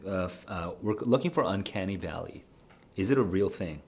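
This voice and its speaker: A man's voice: low-pitched, animated, brisk, a little mellow, slightly rough. A young man solving test questions aloud as a tutor streamer, laughing often, muttering as he reads and exclaiming "dude".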